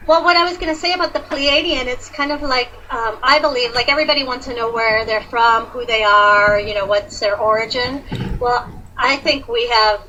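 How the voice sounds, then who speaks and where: A chatty woman with a bright, fairly high voice tells a personal story in an animated, rambling way. She fills her talk with "like" and "you know". A faint hiss sits under her voice. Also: normal speed, dull audio. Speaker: guest sharing awakening story. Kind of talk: casual conversation.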